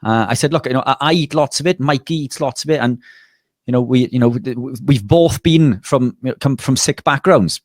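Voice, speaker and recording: In a casual interview, a man who is a nutritionist and bodybuilder tells a lively anecdote, often restarting his sentences. He speaks briskly at medium pitch, in a dry, studio-quality recording.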